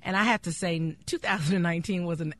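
A woman's voice: fairly low pitch, fairly quick, fairly bright tone. A woman in her thirties co-hosting a radio show, chatting in an upbeat way and laughing often. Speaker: radio co-host. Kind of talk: casual radio chat.

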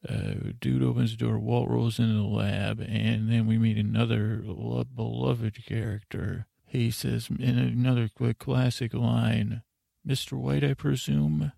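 A man's voice: medium pitch, level tone, unhurried, creaky, few pauses, warm tone, no echo, clean studio sound. A man hosting a bedtime podcast, recapping a show in a meandering, drowsy way with lots of filler words. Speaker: podcast host. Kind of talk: rambling bedtime episode recap.

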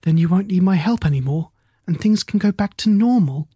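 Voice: medium pitch, expressive, normal speed, a little mellow, slightly rough, no echo, studio quality. A narrator voicing a worried, kindly middle-aged aunt who speaks in an anxious, earnest way.

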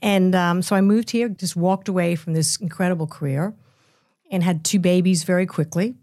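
An older woman in her seventies speaks as an interview guest, with a slightly low voice. She tells her story candidly and in a roundabout way, often laughing. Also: moderate pace, dark tone. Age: 70s. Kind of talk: casual interview.

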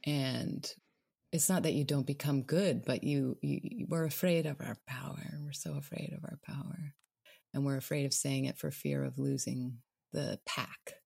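A woman podcast guest speaking slowly and reflectively, in a searching, heartfelt way. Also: extremely low pitch, fairly even intonation, gravelly, darkish tone, breathy edge, no room sound. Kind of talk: reflective conversation.

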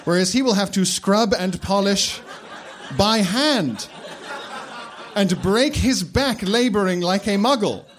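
A man's voice: sits high, slow pace, voice pushed up. A prim young trainee teacher who objects with disapproval, as a man puts her on. She speaks properly and firmly. It is a comic storybook figure. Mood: disapproving.

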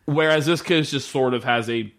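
A man co-hosting a casual podcast chat, sarcastic and quick to laugh, swearing freely. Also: mid-range voice, a bit bright. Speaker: podcast co-host. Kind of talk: casual chat recapping a TV episode.

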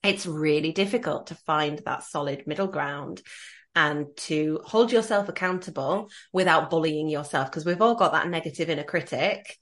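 A woman hosting a podcast interview, talking earnestly and reflectively and growing animated when she quotes others. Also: low-pitched, moderate pace. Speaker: podcast host. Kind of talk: conversational interview.

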